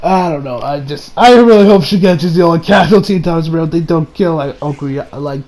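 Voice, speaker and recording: Young man, high voice, rambling casual recap, playful, laughs between lines. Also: fairly quick, darkish tone, rough recording. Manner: rambling and playful, laughs often and retells scenes. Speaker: anime episode reviewer.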